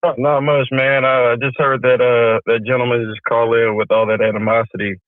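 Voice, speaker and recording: A man's voice: mid-range voice, level tone, fairly quick, dry recording. A man from Houston calling into a show, polite and laid-back, hesitating as he talks. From Houston, Texas. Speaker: caller. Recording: tinny phone line.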